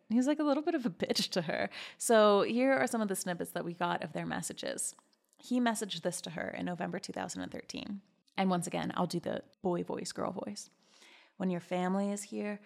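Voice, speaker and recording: A woman's voice: lowish voice, vocal fry. A woman hosting a podcast in a casual, chatty gossip style, giggling and reacting with big, exaggerated disbelief. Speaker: podcast host.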